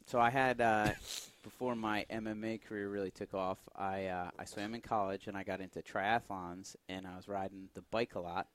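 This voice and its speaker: A man's voice: fairly low pitch, fairly even intonation, moderate pace, hardly any pauses, a little hiss or hum. Man laughing through a story. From Irish heritage. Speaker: podcast co-host. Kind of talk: casual podcast chat, storytelling.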